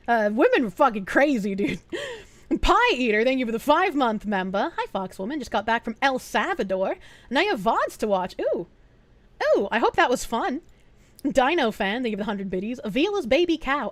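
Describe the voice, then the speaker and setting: A woman streamer in casual chat, reading out viewer messages and thanking donors, swearing often and getting excited. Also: a little high, no echo.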